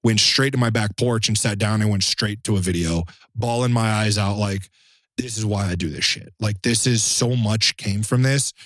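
A man's voice: on the low side, moderate pace, a bit bright, dry recording, clean studio sound. A man, a knife maker, telling a long story in casual podcast chat, acting out the quotes and swearing now and then.

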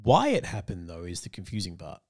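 A podcast co-host with a fairly low voice talks fairly quickly in a relaxed, casual film discussion. He explains comic-book lore at length and laughs often, and the sound is dry with no room echo.

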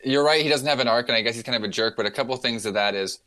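A man with a middle-pitched, everyday voice, co-hosting a casual film podcast. He talks in an easygoing, conversational way, leaning on filler words as he thinks. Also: very fast, bright, forceful tone. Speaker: podcast co-host.

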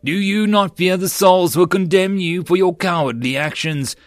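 A man voicing a gruff male squad corporal who growls commands at his soldiers. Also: high-pitched, normal speed, dry recording, studio quality, voice pushed up, lightly acted. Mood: stern.

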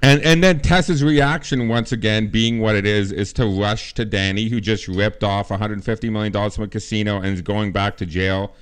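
Emphatic swearing man, smooth low voice. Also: steady tone, moderate pace, hardly any pauses. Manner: emphatic, swears often, repeats himself. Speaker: podcast co-host. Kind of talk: casual film discussion.

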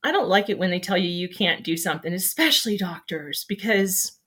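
A woman's voice: on the low side, animated, a little fast, fairly bright tone, slightly rough. A woman hosting a livestream show, chatting casually in a rambling, upbeat, encouraging way. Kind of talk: casual chat.

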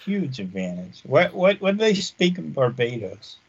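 A man in casual podcast chat drops in short reactions and quick questions. His medium voice comes through a slightly dull, lo-fi recording. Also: medium pitch, sing-song, husky, no room sound.

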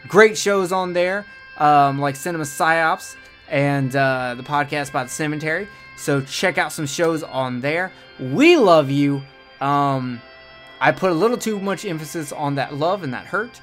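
A man's voice: a little high, measured pace, a bit bright, soft background music. A man hosting a podcast in a slightly raised voice. He rambles loosely through plugs and sign-offs with crude jokes. The talk is easygoing and unscripted. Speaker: podcast host. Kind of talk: casual podcast outro chat.

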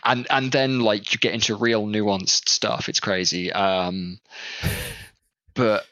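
A man with a Southern English accent, talking casually as a podcast guest and pausing often with ums as he thinks. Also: on the low side, little pitch movement, fairly bright tone, no echo. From southwest England. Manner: hesitant, thinks aloud with many ums. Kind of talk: casual conversation. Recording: dull lo-fi dry sound.

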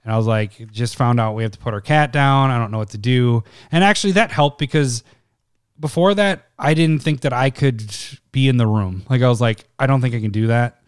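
A man's voice: mid-range voice, brisk, clear, resonant tone, dry recording, studio quality. A man hosting a casual podcast, rambling through stories with frequent laughs and acted-out quotes. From Minnesota. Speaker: podcast host.

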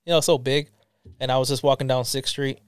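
A man's voice: medium pitch, level tone, fast, clear, resonant tone, no room sound, studio quality. A middle-aged man, a comedian guest, talking in a rambling, casual way with many ums and restarts. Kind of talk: casual interview chat.

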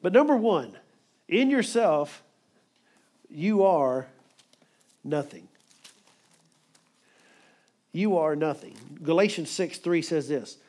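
Male preacher, slightly higher voice, emphatic, quick sermon delivery. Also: darkish tone.

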